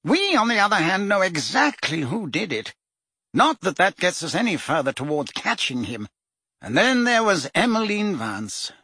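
Male reader doing a high, jittery, defensive wizard minister, husky edge. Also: sing-song, pushed and bright, no echo, studio quality, heavily acted. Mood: weary. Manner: rapid, heated, rising pitch when pressed.

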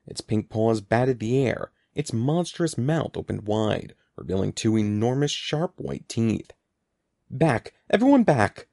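Gravelly guy reading an audiobook, really animated, dry close mic. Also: mid-range voice, measured pace, few pauses, dry recording. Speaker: narrator.

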